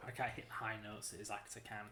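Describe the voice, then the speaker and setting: A woman's voice: rumbling low, flat delivery, fast, a bit bright, reverberant. A woman playing a video game on stream, grumbling and joking in casual chat with game music behind. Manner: wry, grumbling, jokey. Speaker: co-streamer, player.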